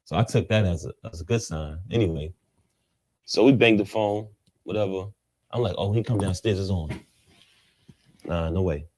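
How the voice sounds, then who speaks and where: A man tells his story as an interview guest in animated fashion, packed with street slang, acting out other people's lines with jumps in pitch. His voice is a little mellow, at normal speed with frequent pauses.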